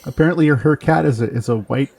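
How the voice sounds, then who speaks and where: A man's voice: medium pitch, quick pace, vocal fry, darkish tone, husky. A man playing in a tabletop game, chatting with wry jokes. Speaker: player. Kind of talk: casual chat.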